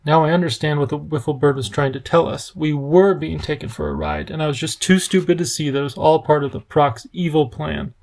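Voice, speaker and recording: Man reading a worried storybook professor; measured, gravelly, slightly high. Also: darkish tone. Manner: measured, grave, sometimes bitter. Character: worried, earnest older male professor.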